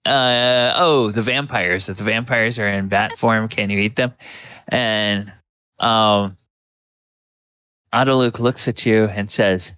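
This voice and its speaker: A man narrating as game master of a tabletop game, unhurried with many pauses. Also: fairly low pitch, steady tone, bright, forceful tone, clean tone, no echo, lo-fi sound. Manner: unhurried, frequent ums and uhs.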